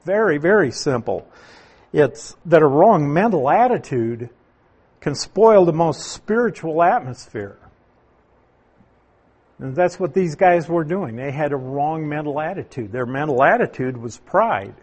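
A man preaching a sermon, teaching through a Bible passage in a slow, deliberate way with emphatic stresses. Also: a little high, lively intonation, darkish tone, slightly rough. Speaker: pastor.

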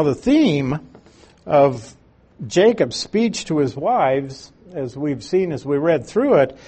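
A man's voice: a little high, mellow, breathy edge. A man reading a scripture passage aloud and then explaining it verse by verse in a conversational teaching style, with folksy asides. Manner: homespun asides. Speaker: Bible teacher.

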